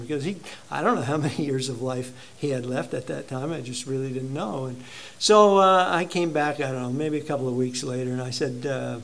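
This pastor's voice sits a little high as he tells his congregation a personal story during his sermon. He speaks in a halting, conversational way.

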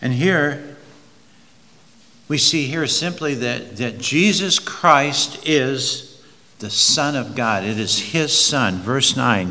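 A man's voice: mid-range voice, lively intonation, sharp tone, big-room sound. A man preaching an expository sermon, reading verses aloud and leaning hard on key words. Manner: slow, emphatic, drawn-out stresses on key words.

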